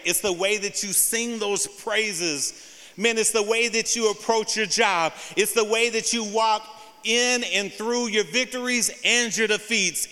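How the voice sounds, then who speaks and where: A man preaching from the front of a church, his high, bright voice trailing off in a long hall echo. He fills his sermon with "man" and says his main points twice, rising in pitch and force when he drives them home. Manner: says "man" often, repeats key phrases; rises in pitch and volume when preaching hard. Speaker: pastor. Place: church sanctuary.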